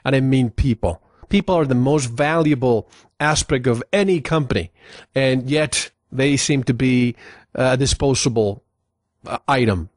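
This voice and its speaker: A man hosting an interview, polite and affirming, asking measured questions. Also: medium pitch, no room sound, studio quality. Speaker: interview host.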